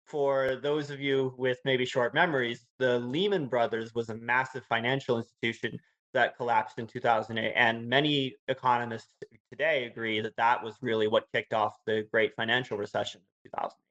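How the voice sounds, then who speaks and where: A male host opens his podcast interview with eager, excitable energy, tripping over his words as he goes. His voice sits in a middle pitch. The recording sounds a bit dull and lo-fi. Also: moderate pace. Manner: eager, restarts and fillers, excitable. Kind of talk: casual interview. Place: Hawaii.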